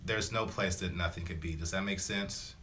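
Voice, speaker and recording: A man's voice: low-pitched, fairly even intonation, moderate pace, bright, forceful tone, a little hiss or hum. A man, a spiritual self-help vlogger, talking casually and rambling, with lots of slang fillers and small acted-out voices for his examples. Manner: acts out little voices for examples. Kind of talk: casual motivational talk to camera.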